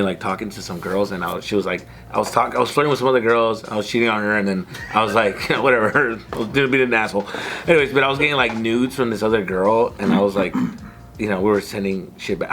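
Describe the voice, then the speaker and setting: A man's voice: fairly low pitch, fast, a bit bright, a little hiss or hum. A man co-hosting a podcast, telling a story in casual group chat, swearing a lot and acting out the quotes. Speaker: podcast co-host.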